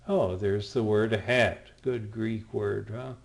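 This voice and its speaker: Man, Greek teacher, recorded lesson, slow deliberate pace, patient, sounds out letters. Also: on the low side, fairly even intonation, vocal fry. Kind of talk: screen-recorded language lesson.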